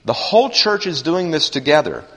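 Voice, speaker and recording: A man preaches a sermon with earnest emphasis, his pitch rising and falling in lively sweeps as he repeats key phrases. His voice rings out in a church sanctuary, trailing a long reverb. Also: normal speed. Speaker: pastor.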